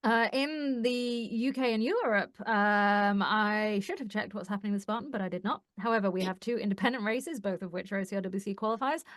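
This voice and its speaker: A woman co-hosting a relaxed chat show, answering with short, playful quips. Her voice is mid-pitched and sounds close and dry, with no room around it. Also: fairly quick, few pauses, no room sound. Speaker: podcast co-host. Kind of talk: casual chat.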